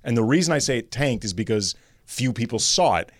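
Man guest on radio show, lively pitch, animated storyteller, dry studio sound. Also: fairly quick, dry recording. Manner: animated storyteller acting out quotes. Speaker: guest co-host. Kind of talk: casual radio chat. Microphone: studio mic.

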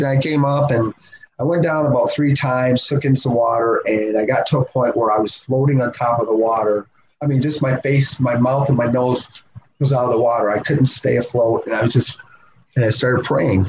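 A man guest on a podcast, telling a story in a lively way and laughing often. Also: mid-range voice, moderate pace. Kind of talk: animated storytelling. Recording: slightly dull sound with faint noise.

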